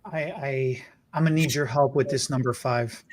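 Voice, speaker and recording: A man's voice: medium pitch, steady tone, moderate pace, a little mellow. A man who teaches hair extension work, talking bluntly and with some profanity in a casual podcast chat, often stammering when he restarts a thought.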